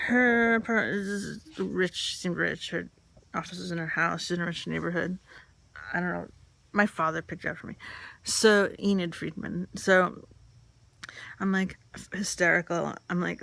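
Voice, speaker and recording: A woman's voice: fairly low pitch, steady tone, unhurried, creaky, fairly bright tone, dry recording. A woman telling a candid personal story, rambling and filled with "like" and "um".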